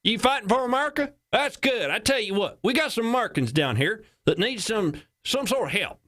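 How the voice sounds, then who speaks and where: A man's voice: sits high, expressive, brisk, sharp tone, voice pushed up, exaggerated voice. A man doing a mock Texas accent as a brash, crude male caller phoning the base. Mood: folksy.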